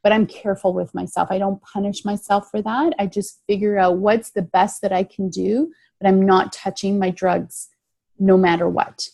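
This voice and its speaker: A woman's voice: medium pitch, warm tone, dry recording. A middle-aged woman telling her recovery story in an interview, earnest and emphatic, often repeating key phrases. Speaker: guest sharing recovery story. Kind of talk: interview answers, reflective.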